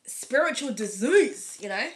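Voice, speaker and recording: A woman's voice: fairly high pitch, animated, measured pace, roomy sound. A woman hosting an astrology reading channel, chatting casually and bluntly to camera, swearing freely. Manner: frank and blunt, swears freely, laughs often. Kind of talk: casual candid chat to camera.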